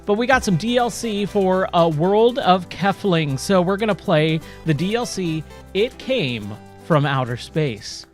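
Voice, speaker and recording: A man's voice: high voice, animated, unhurried, hardly any pauses. A man hosting a let's-play stream, upbeat and chatty with fillers. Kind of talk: casual let's-play commentary. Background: game music.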